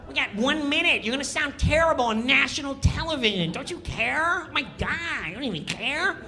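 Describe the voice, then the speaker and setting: Guy doing a high whiny nitpicky castmate, keeps nagging and needling, sounds a bit off-mic. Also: animated, normal speed, pushed and bright, heavily acted. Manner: nagging, incredulous, high-pitched.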